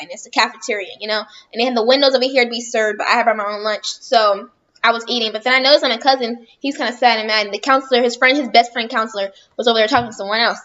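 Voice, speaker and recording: A woman's voice: fairly high pitch, fairly bright tone, dull audio. A woman telling a rambling storytime on her vlog, chatting casually and often correcting herself. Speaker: vlogger.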